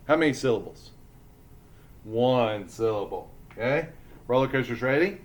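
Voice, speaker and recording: A man teaching a lesson to young children, speaking slowly and deliberately as he sounds out letters and syllables. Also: mid-range voice, sing-song.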